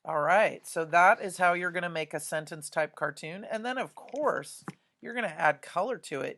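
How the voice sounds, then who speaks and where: Art teacher lady explaining a drawing to her class, gravelly voice, keeps saying right?. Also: low-pitched, a bit bright. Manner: chatty, often checks in with "right?". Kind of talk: drawing demonstration for students.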